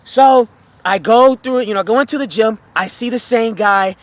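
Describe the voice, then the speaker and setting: A man's voice: very high-pitched, moderate pace. A man telling a storytime tale as a heated, profane rant, rambling with fillers and restarts.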